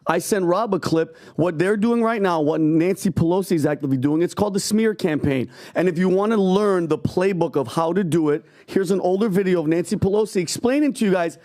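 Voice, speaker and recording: A man on a podcast panel talks in a high voice. He speaks fast and excitedly, pushing his words out in a rush. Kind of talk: casual panel discussion.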